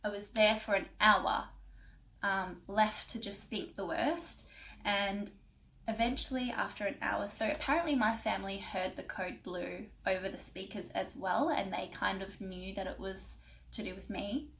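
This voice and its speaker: A woman's voice: mid-range voice, fairly even intonation, unhurried, creaky, a bit bright, slight background noise, low-quality recording. Emotional young woman telling a story. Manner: emotional, rambling with many fillers. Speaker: vlogger. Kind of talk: casual storytelling.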